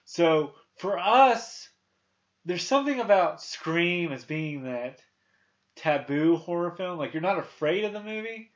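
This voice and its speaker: A man's voice: on the high side, animated, measured pace, muffled recording. A man in his thirties hosting a casual movie review chat, rambling with many restarts and fillers. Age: 30s. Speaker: podcast host.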